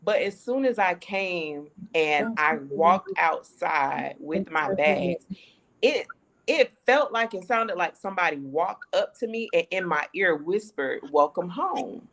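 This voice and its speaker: American woman, storyteller on a chat panel, pitch jumping all over, acts out voices. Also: slow. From United States. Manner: animated storyteller acting out quoted dialogue, laughing often. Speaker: panelist sharing her relocation story.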